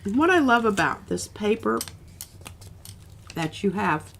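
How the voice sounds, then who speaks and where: Female craft-stream host, gravelly, chatty, slight background noise. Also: medium pitch, big pitch swings, a little slow, fairly bright tone. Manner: chatty, rambling, with restarts. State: coughing now and then. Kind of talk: casual crafting demo.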